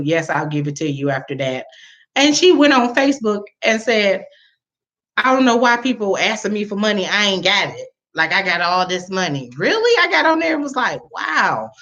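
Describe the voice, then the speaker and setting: A woman, telling a personal story to viewers in a casual, animated way, laughing and jumping high in pitch when she quotes people. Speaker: vlogger. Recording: dull lo-fi sound.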